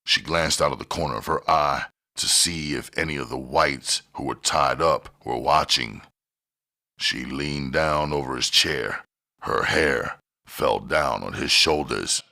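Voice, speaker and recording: Audiobook reader: man, extremely low and gravelly, bright-edged tone, steady delivery. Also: measured pace. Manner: steady, plain reading with gritty dialogue. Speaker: audiobook narrator. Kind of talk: scripted narration.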